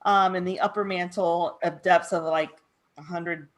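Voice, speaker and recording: A woman's voice: fairly low pitch, steady tone, unhurried. A woman hosting a radio show, sharing a news item in a chatty, giggly way and stumbling over hard words. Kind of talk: casual on-air chat.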